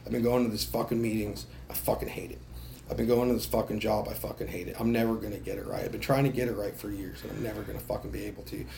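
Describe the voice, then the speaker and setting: A man's voice: lowish voice, fairly even intonation, quick pace, creaky, darkish tone, slight background noise. Swearing man sharing at a recovery meeting. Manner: casual, swears a lot, self-mocking, laughs between lines. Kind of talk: personal recovery story. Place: meeting room.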